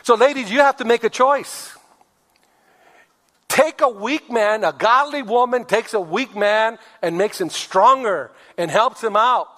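Male pastor, high-pitched, preaching sermon, reverberant church hall. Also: a little slow, sharp tone. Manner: preaching with acted-out quotes of husbands and wives; asks the congregation for amens.

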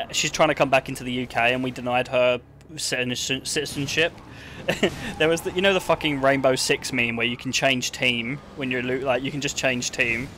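A man's voice: mid-range voice, fairly bright tone, slight background noise. A young man streaming a game and chatting casually, rambling with lots of "like" and swearing. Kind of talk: casual gameplay chat.

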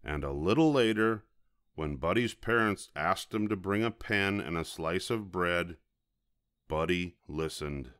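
An older man reading a children's storybook aloud in a gentle, expressive storytelling manner. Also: low voice, measured pace, smooth, dry recording, studio quality.

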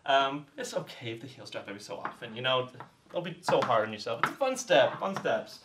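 A man's voice: medium pitch, big pitch swings, brisk, distant mic, background noise. A man teaching a dance step while demonstrating it, out of breath, encouraging and laughing often as he counts the beats. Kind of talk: casual tutorial while demonstrating steps.

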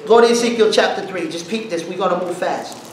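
A man preaching an informal sermon, telling stories in slangy talk, breaking into song and shouts as he retells them. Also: high-pitched, quick pace, crowd noise. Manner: animated, bursts into song and shouts while retelling. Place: church hall. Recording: very echoey hall, mic at a distance.

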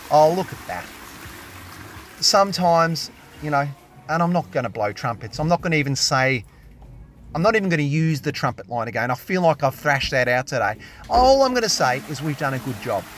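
Excitable Australian tradie, high voice. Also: male voice, moderate pace, slight background noise. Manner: excitable, jokey, heavy slang. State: hungover. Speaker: plumber vlogger. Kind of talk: casual on-the-job vlog commentary.

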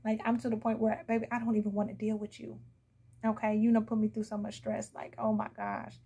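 A woman's voice: mid-range voice, completely flat delivery, a little fast, creaky, dark tone, husky. A woman giving a casual, blunt tarot reading, chatting to viewers and laughing often. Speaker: tarot reader.

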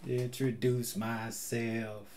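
A man's voice: mid-range voice, flat delivery, drawn-out words, loud music behind the voice. A man hosting a movie reaction, making playful quips and wordplay between chuckles. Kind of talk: casual movie reaction commentary.

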